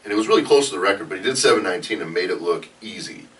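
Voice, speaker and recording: A man's voice: low voice, expressive, rapid-fire, a bit bright, distant mic. A man, a powerlifter, chatting casually on a podcast in an easygoing way that trails off with fillers. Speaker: powerlifter guest.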